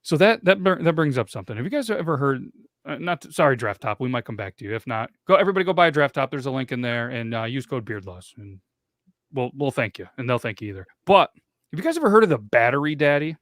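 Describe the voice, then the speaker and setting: A man's voice: medium pitch, sing-song, quick pace, fairly bright tone, no room sound, clean studio sound. A man in his late thirties hosting a casual podcast, rambling loosely, swearing and laughing easily. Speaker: podcast host.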